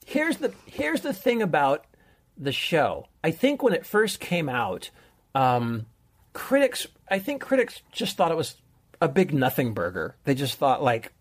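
A man's voice: a little high, huge pitch swings, a little slow. A man hosting a chatty show, talking enthusiastically and laughing easily. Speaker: show host, reviewer. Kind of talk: casual chat.

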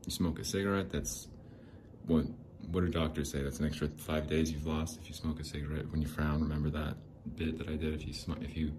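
A man's voice: very deep voice, little pitch movement, a little fast, a little mellow, a little hiss or hum, rough recording. A young man hosting a solo podcast, rambling in a jokey, self-deprecating way. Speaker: podcast host.

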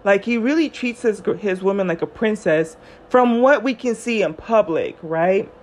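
A woman's voice: medium pitch, moderate pace. A young woman telling a personal story in a chatty monologue on her podcast. She acts out the quoted lines of the people in her story. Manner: chatty, animated retellings with quoted voices. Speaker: podcast host.

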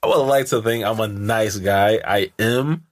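A young man with a New York accent, a podcast guest in casual chat, laughing and joking in an animated way. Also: fairly low pitch, unhurried, no echo, studio quality. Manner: animated, laughing, does voices in anecdotes.

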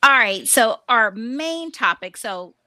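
A woman in her forties co-hosting a casual podcast chat, talkative and laughing often, acting out lively quoted voices. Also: fairly high pitch, slow pace, no echo. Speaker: podcast co-host.

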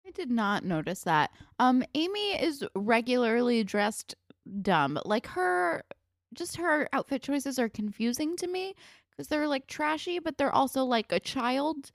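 A woman's voice: high-pitched, sing-song, a little slow, no room sound, studio quality. A woman co-hosting a casual chat, opinionated and swearing freely as she recaps an episode. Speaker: podcast co-host.

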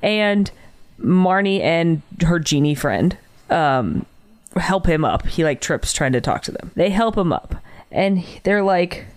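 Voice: medium pitch, animated, a little slow, clear, resonant tone. Podcast co-host, casual chat, an exasperated critic of a film.

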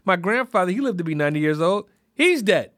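A man's voice: high-pitched, very animated, fast talker, fairly bright tone, no echo, clean studio sound. A man hosting a podcast who rambles through a casual, reflective monologue, often restarting his sentences. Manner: rambling, full of "you know" and restarts. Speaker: podcast host.

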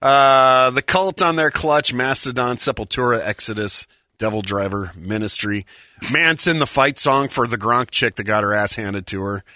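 A man's voice: medium pitch, moderate pace, bright, forceful tone, dry recording, studio quality. A man co-hosting a radio show, chatting casually and reading a sponsor spot. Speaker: radio co-host. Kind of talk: radio banter and ad read.

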